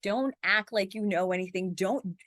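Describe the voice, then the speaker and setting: Fast-talking woman journalist, dry sound. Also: medium pitch, no room sound. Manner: fast-talking, animated, acts out little scenes. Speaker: TV journalist and guest. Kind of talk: conversational interview.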